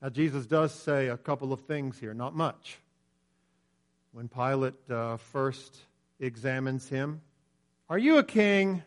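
A man's voice: medium pitch, steady tone, slow. A man preaching a sermon in an earnest, emphatic way.

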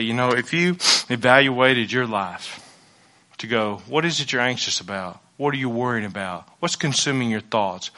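Man, pastor, bright edge, loud then hushed, church sermon. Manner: swings from loud exclamations to low, hushed asides.

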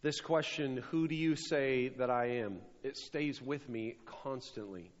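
A man's voice: medium pitch, a little slow. A man preaching a sermon as a pastor, stressing and repeating key phrases. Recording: dull sound with long hall reverb.

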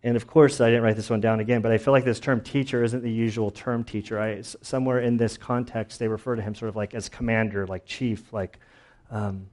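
A man's voice: lowish voice, level tone, a little fast, a little mellow. A young adult man preaching a sermon in a casual, conversational way, with plenty of fillers and little acted-out quotes. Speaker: pastor.

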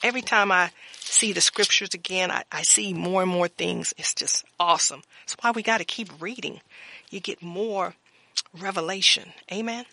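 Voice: medium pitch, normal speed, pushed and bright. A Bible teacher reading scripture passages aloud and breaking in with fervent amens and praise.

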